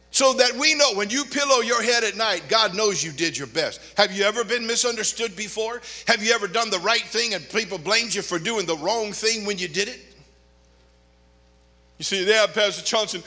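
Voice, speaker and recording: An older male pastor preaching in a church, his high, sharp voice animated and full of joking asides. It rings with a long reverb from the sanctuary. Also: moderate pace. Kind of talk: sermon.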